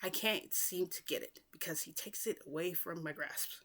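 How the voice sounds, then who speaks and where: A woman's voice: lowish voice, moderate pace, fairly bright tone. Woman relaying a bargaining male fallen angel. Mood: scheming.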